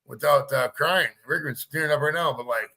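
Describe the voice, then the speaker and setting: A man hosts a podcast full of casual crude banter, rambling and joking in a profane way. His voice is a little high, brisk, pushed and bright.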